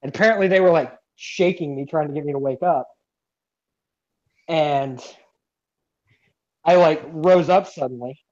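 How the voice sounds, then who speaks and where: A man's voice: fairly high pitch, measured pace, pauses often, darkish tone. A man telling a story from his school days in a casual, rambling chat, with many restarts. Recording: dull lo-fi sound.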